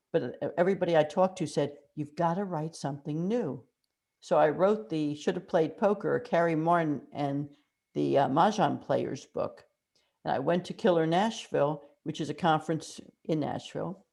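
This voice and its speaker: Low-voiced woman telling lively stories. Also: gravelly. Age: older. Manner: animated anecdotal storytelling with acted-out quotes. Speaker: mystery author guest. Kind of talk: conversational storytelling interview.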